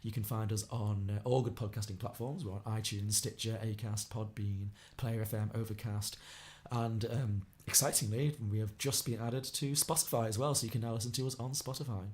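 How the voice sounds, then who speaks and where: A man hosting a casual podcast, chatty and quick, reading out listener suggestions with a laugh here and there. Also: on the low side, steady tone, darkish tone. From Liverpool area of England. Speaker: podcast host.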